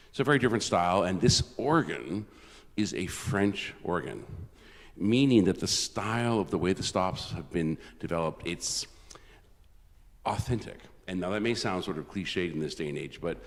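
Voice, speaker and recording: A man's voice: low-pitched, animated, normal speed. A man from Canada, a concert organist, giving a chatty, self-deprecating spoken introduction with frequent restarts. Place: large church. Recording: long church reverb.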